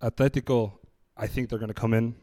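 A man's voice: medium pitch, steady tone, brisk, dark tone, dry recording, clean studio sound. A man hosting a casual sports podcast, upbeat and steering the talk between matches. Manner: leads the talk, upbeat, laughs easily. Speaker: podcast host.

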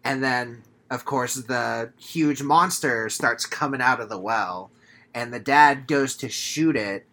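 A man in a casual movie review chat, recapping the plot in a relaxed way with fillers. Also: mid-range voice, takes it slowly. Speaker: podcast guest.

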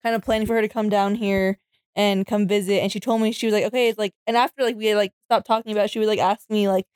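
A woman's voice: mid-range voice, fairly even intonation, fast talker, a little mellow, clean tone, no echo, studio quality. A young woman in casual chat, laid-back and telling a story with lots of fillers.

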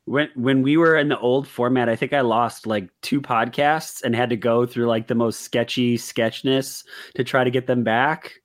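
A man hosting a casual sports podcast, upbeat and chatty with quick asides. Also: mid-range voice, fairly even intonation. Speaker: podcast host.

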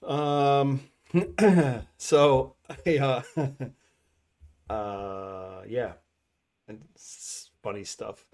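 A man's voice: mid-range voice, drawn-out words, long pauses, a little mellow. A man hosting a casual podcast chat, rambling and laughing often into a desk microphone. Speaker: podcast host. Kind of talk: casual live-stream chat.

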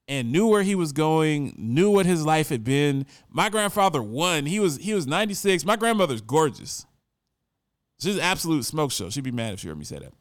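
A man in his forties recounts a personal story in an earnest, reflective way, often restarting on a word. His voice sits a little higher than most men's and comes across smooth and clear. The close mic leaves the sound dry, with almost no room. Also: a bit bright, no room sound. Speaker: storyteller remembering his grandfather.

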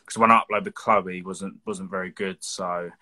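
A man's voice: deep voice, fairly even intonation, normal speed, sharp tone. A young man hosting a live stream, chatty and teasing, often restarting his sentences. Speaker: host of a reptile live show. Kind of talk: casual live-stream chat.

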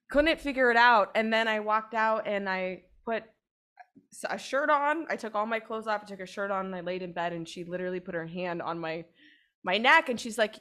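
A woman's voice: mid-range voice, brisk, fairly bright tone. A woman co-hosting a podcast, telling a long, rambling story in casual chat and swearing freely. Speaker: podcast co-host.

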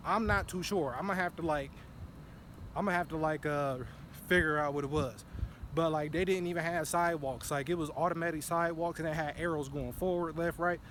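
A man talking casually in an earlier video clip, excited and rambling. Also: fairly high pitch, fairly quick, slight background noise. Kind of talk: casual talk in his own earlier video.

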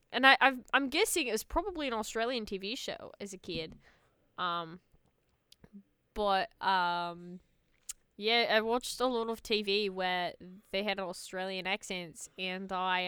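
A woman's voice: medium pitch, pushed and bright, smooth, dry recording. A young woman from Canada co-hosting a podcast in casual, playful chat. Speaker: podcast co-host.

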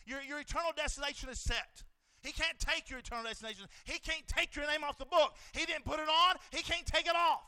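A man preaching a fervent sermon in a church, repeating phrases and rising into shouts. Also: extremely high pitch, fast talker, no echo.

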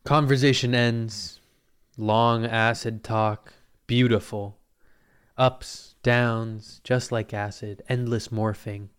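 A man talks alone into a podcast mic, rambling through a story with plenty of swearing and big swings in delivery. His voice is smooth and resonant at a mid pitch, with a phlegmy catch in the throat. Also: slow pace. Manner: profane, rambling, animated storyteller. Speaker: podcast host. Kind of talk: casual solo podcast storytelling. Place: Portland.

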